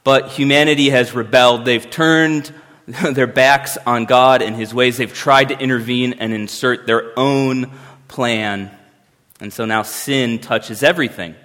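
Pastor preaching in a reverberant hall. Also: male voice, medium pitch, steady tone, a little slow, fairly bright tone. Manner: conversational and emphatic, with wry humor. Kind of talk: sermon.

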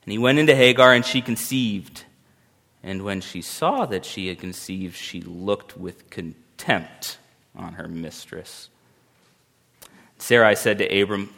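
A man's voice: fairly low pitch, measured pace, gravelly, a bit bright. A man preaching a sermon as pastor, talking in a conversational and emphatic way with wry humor. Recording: long hall reverb.

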